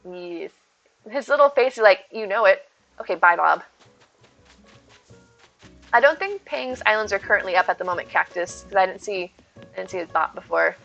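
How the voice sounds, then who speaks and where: A woman's voice: mid-range voice, normal speed, gravelly, pauses often, a bit bright. A young woman casually chatting on a live stream, reading out and answering chat and thanking viewers with giggly asides. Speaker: streamer hosting a game stream. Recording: dull lo-fi stream audio. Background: faint game music.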